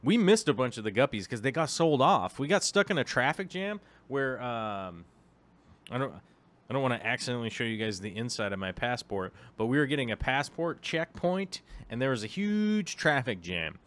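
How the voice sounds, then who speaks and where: A man's voice: medium pitch, big pitch swings, normal speed, a bit bright. Rambling, chatty man vlogging. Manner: rambling, with many filler ums and restarts; chatty asides to the viewer. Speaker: aquarium vlogger. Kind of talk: casual vlog chat.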